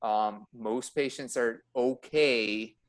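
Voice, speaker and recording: Man, emergency room nurse, casual podcast chat, middle pitch, filler-heavy, animated storytelling. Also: slow pace. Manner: animated storyteller, filler-heavy, gets loud and high when agitated.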